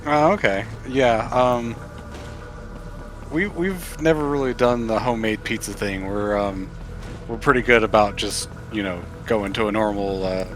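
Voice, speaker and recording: A man co-hosting a game stream, relaxed and a bit hesitant. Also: fairly low pitch, measured pace. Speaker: co-host. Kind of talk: casual gameplay commentary. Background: game music.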